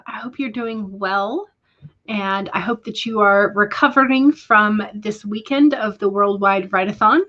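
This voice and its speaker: A woman's voice: medium pitch, unhurried, muffled recording. Woman host reading out stream chat. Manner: reads viewer comments aloud and responds warmly; hesitant, with frequent fillers. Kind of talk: casual livestream chat.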